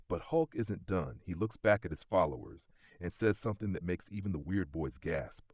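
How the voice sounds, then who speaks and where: Man, deep voice, epic scripted narration, dry close sound. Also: animated, normal speed, darkish tone, dry recording. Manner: epic storytelling delivery.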